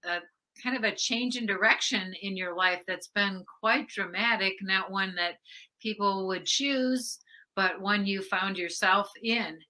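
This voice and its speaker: A woman interviewing a guest in a conversational way, sympathetic and quick to laugh. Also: mid-range voice, sharp tone.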